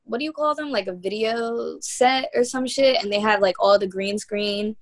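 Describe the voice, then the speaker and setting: A woman's voice: fairly high pitch, normal speed. A young woman from New York, a guest musician telling stories in a loose, slangy, laid-back way during a casual interview chat.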